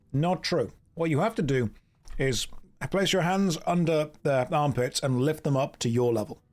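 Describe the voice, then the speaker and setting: A man's voice: on the high side, darkish tone. A British man live-streaming a game, chatting casually and joking as he reads out and riffs on viewer messages.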